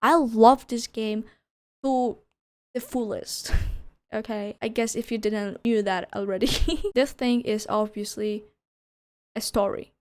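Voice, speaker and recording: A woman's voice: medium pitch, steady tone, measured pace, a little mellow. A young woman reviewing a video game in a casual, gushing way, swearing and laughing often.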